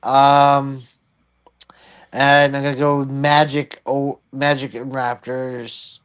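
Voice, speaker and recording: A man's voice: medium pitch, level tone, slow, fairly bright tone, clear, resonant tone. Rambling man in casual sports chat. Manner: rambling, thinks aloud with many restarts. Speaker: podcast co-host.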